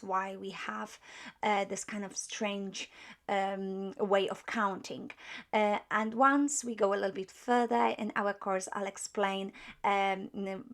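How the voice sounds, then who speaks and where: Slow, patient woman teaching a language. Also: mid-range voice. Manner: patient, explaining step by step with frequent pauses; apologetic when correcting herself. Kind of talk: online language lesson.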